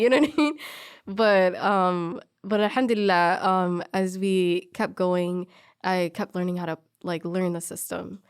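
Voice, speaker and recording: A young woman recounts a personal story in relaxed conversation, voice at an average pitch for a woman. She slips into the voices of the people she quotes, animating the tale. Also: clear, resonant tone. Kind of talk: casual storytelling chat.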